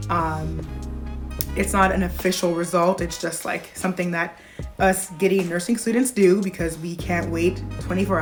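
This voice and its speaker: Lively young woman telling her story. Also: lowish voice. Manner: animated, giddy storytelling with laughs. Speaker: vlogger, pediatric nurse. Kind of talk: casual storytelling to camera.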